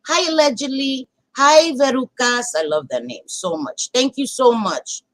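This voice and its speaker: A woman, chatting on a livestream in a blunt, heated way and cursing freely. Her voice sits a little high and sounds dry and close, with no room around it. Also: expressive, a little slow, a bit bright, no echo, low-quality recording. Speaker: channel host. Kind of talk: casual livestream chat.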